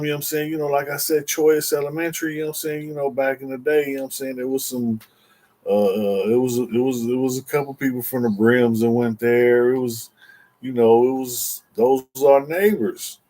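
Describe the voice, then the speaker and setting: A man's voice: medium pitch, darkish tone. Rambling, slangy man telling a story. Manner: slangy street talk, constantly saying "you know what I'm saying"; rambling with restarts and repeated words. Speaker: interview guest telling a story. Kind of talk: casual storytelling.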